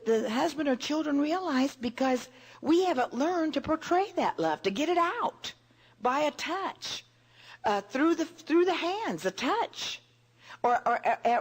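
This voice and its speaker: An older woman giving an earnest, gentle devotional talk to women, often repeating words as she searches for the next one. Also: on the high side, breathy edge. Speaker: women's Bible teacher.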